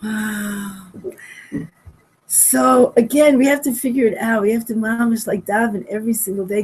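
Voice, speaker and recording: A woman in her sixties giving a heartfelt storytelling talk at a memorial gathering, emotional, repeating phrases and swinging from soft to loud. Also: medium pitch, fairly even intonation, normal speed, breathy edge. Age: 60s.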